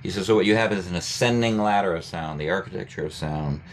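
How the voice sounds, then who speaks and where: A man, a poet and writing teacher, leading a workshop on a video call, speaking thoughtfully with many fillers and restarts and demonstrating sounds slowly. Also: low-pitched. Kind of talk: guest talk leading a workshop.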